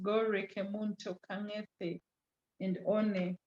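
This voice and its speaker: A woman teaching a class online, slowing down to stress key terms and teasing students by name. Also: medium pitch, flat delivery, a little mellow. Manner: code-switches into Swahili, teasing students by name. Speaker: communication skills lecturer. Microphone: video call. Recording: lo-fi video call audio.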